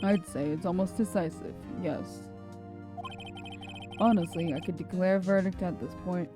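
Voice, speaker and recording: A woman's voice: fairly low pitch, normal speed, lightly acted. A woman voicing a flustered older male judge in a video game dub. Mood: explaining. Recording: game music behind.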